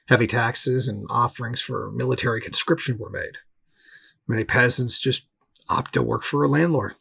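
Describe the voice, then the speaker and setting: Gravelly, husky man reading history commentary. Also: mid-range voice. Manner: steady, measured reading with occasional restarts. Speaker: political commentator. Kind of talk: read-aloud history commentary.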